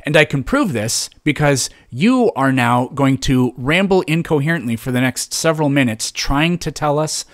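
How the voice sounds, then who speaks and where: A man's voice: on the high side, animated, moderate pace, hardly any pauses, dry recording, studio quality. A man hosting a heated debate, mocking and sarcastic toward the other speaker. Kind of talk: heated argument.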